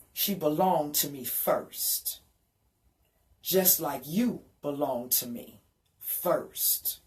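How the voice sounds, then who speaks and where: A woman's voice: sits low, full character voice. Woman voicing a stern, scolding God. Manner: slow, forceful and scolding. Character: stern, commanding male God rebuking.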